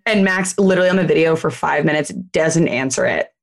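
A woman's voice: low-pitched, a little fast. A woman in her twenties, a guest friend in a casual chat, teasing and joking.

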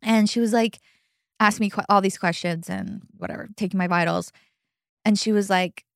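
A woman's voice: medium pitch, fairly quick, vocal fry, no echo, studio quality. A young adult woman hosting a podcast, telling a personal story in casual chat, chatty and full of fillers, laughing often.

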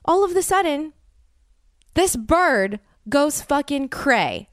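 A woman's voice: on the high side, lively intonation, moderate pace, no room sound, studio quality. An American woman in her thirties, a podcast host telling a story in a rambling, casual way, full of "like" and stammered restarts. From United States. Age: 30s.

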